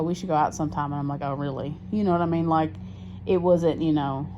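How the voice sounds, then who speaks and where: A woman talking candidly in a casual confessional diary vlog, rambling with fillers and restarts and swearing freely. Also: deep voice. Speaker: diary vlogger. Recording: muffled lo-fi sound with steady background noise.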